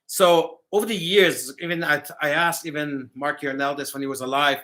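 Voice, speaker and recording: A man's voice: a little high, steady tone, moderate pace, pushed and bright. A man hosting a casual chat, speaking conversationally with some hesitant fillers. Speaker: host.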